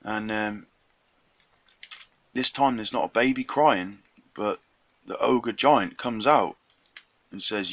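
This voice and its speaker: A man's voice: fairly low pitch, slow, long pauses, a bit bright, no echo. A young man casually retelling a folk tale in a chatty, slangy way, acting out the characters' lines. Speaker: storyteller.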